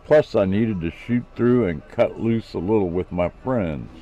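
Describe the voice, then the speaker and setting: A man doing a chatty, excitable Australian inventor who loves his slang. He keeps explaining his plans in a steady, low voice at an unhurried pace, a bit louder than the narration, in a self-read storybook. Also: highs cut off. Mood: jovial. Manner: Aussie slang, explaining at length.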